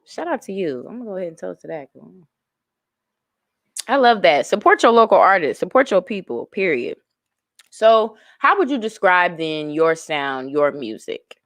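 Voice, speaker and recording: A woman hosting a podcast interview, expressive and affirming as she chats with her guest. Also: normal speed, no echo, clean studio sound. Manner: expressive, affirming, swooping pitch. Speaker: podcast host. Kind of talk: casual interview chat.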